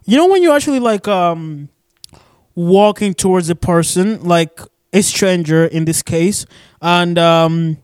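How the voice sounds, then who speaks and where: A man's voice: high voice, animated, unhurried, smooth, no echo. A young man from Arizona hosting a casual solo podcast, rambling with lots of fillers and cursing, recorded in a shared studio office. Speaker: podcast host.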